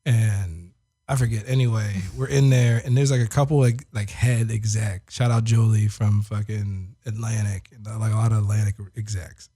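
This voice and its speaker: A man's voice: fairly low pitch, fairly even intonation, normal speed, mellow, slightly rough. A man, an audio engineer, casually telling a story on a studio talk show, filling his speech with "like" and laughing often. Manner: laid-back, heavy use of "like", laughs often.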